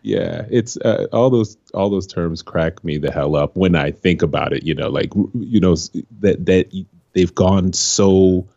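A man's voice: low voice, unhurried, gravelly, hardly any pauses, dark tone, no room sound. A man co-hosting a podcast, chatting in a laid-back, agreeable, rambling way. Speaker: podcast co-host. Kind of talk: casual podcast chat. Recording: dull lo-fi dry recording.

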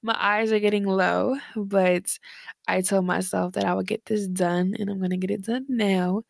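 Recording her podcast late at night in her bedroom, a young woman sounds tired and somewhat breathless as she rambles casually, slangy and full of fillers. Her creaky, mid-range voice has fairly even intonation at a normal speed. Headphones and a desk mic capture a dry, clean studio sound.

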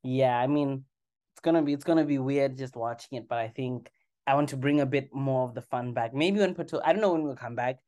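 A woman with a strikingly deep, low voice, talking as a podcast co-host. She chats casually and keeps a relaxed, thoughtful tone. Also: a little fast. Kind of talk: casual chat.

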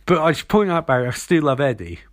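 A man's voice: fairly high pitch, very animated, no room sound. Sardonic man recapping, voices on the fly. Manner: sardonic, rambling, quick voice switches. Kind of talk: comedic episode recap with character voices.

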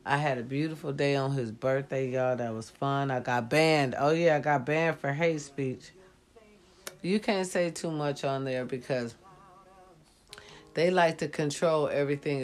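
A woman who is sick, lying down and talking bluntly to her viewers, swearing freely and giving life advice. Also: low voice. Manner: blunt, preachy, swears freely, says y'all often. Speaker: vlogger. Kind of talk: casual talk to viewers.

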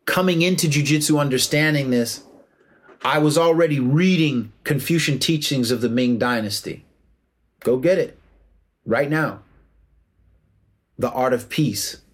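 A man giving an impassioned, preachy monologue about martial arts, emphatic and full of slang. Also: mid-range voice.

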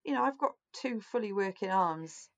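A woman's voice: mid-range voice, animated, moderate pace. A woman co-hosting a podcast over a call, chatty and self-mocking, with the odd swear word. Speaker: podcast co-host. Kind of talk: casual chat.

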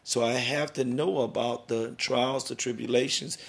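A man's voice: mid-range voice, steady tone, normal speed, creaky. A middle-aged man hosting a podcast interview, talking in an emphatic, preachy, rambling way about worth and family. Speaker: podcast host.

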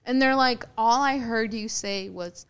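A woman's voice: fairly high pitch, unhurried, background noise. A young woman in her twenties, a podcast guest, telling a story in casual, crude talk, swearing freely and acting out what people said. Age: 20s. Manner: crude, swearing, acts out quotes.

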